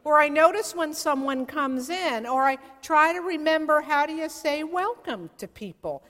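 Woman pastor, middle-aged, chatty storyteller in a sermon; bright high voice in a reverberant church. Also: lively intonation, moderate pace. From San Francisco area. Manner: storytelling, conversational, with playful asides. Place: church sanctuary. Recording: long hall reverb.

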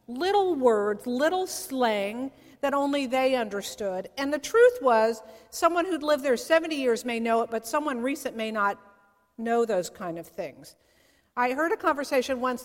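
Woman pastor, middle-aged, chatty storyteller in a sermon; bright high voice in a reverberant church. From San Francisco area. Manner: storytelling, conversational, with playful asides. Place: church sanctuary. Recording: long hall reverb.

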